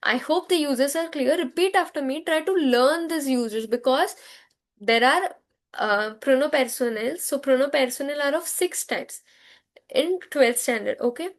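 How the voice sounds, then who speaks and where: A woman with an Indian English accent teaching a French grammar lesson, drilling words slowly and having students repeat after her. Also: sits high. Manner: slow, repetitive drilling with call-and-response.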